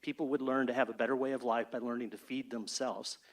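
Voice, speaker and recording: A man who heads a state fair gives a brisk, orderly formal presentation to an advisory board. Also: medium pitch, fairly even intonation. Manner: brisk, orderly, speech-like delivery. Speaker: state fair chief executive. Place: state board meeting room.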